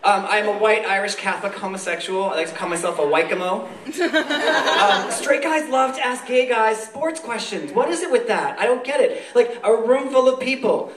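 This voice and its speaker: A man in his forties from the Boston area doing a stand-up set, campy and animated, laughing at his own jokes. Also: high voice, normal speed. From Boston area, USA. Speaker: stand-up comedian. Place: comedy club stage. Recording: echoey club room, distant.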